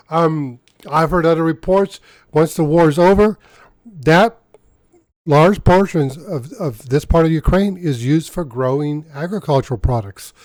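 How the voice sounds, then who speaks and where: A man's voice: on the high side, darkish tone, no room sound. A man hosting his own channel, giving casual news commentary in a rambling, sarcastic way with frequent laughter and restarts. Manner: mocking and sarcastic, laughs often; rambling, restarts mid-sentence. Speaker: channel host.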